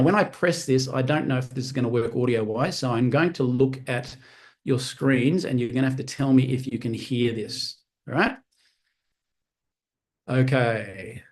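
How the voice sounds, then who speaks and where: A man giving a live-streamed training talk on making sales calls, energetic and lively, acting out phone conversations in different voices. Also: medium pitch. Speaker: network marketing trainer. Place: room on a live stream with screens.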